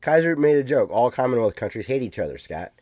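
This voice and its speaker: A man's voice: medium pitch, very animated, quick pace, a little mellow, dry recording. A man co-hosting a podcast in casual chat, easygoing, reading out listener comments. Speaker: podcast co-host.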